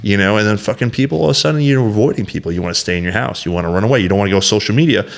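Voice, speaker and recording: A man's voice: fairly low pitch, animated, rapid-fire, creaky. A man, a competitive bodybuilder, talking as a guest in a candid, rambling interview, blunt and heavily profane, acting out quoted dialogue and leaning on "you know" and "like.". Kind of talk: candid casual interview storytelling.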